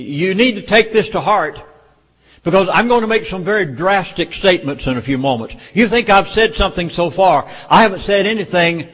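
Speaking with a high, fairly bright and slightly rough voice, a Southern-accented public speaker lectures a meeting urgently and emphatically. The hall gives a long reverb, and an audience is present.

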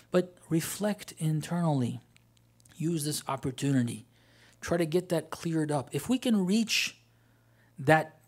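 A man delivering a Ramadan-style sermon that swings from hushed, inward reflection to loud, pressing emphasis. He keeps asking his listeners questions and answering them himself. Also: on the high side, husky. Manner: rhetorical questions. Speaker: religious speaker.

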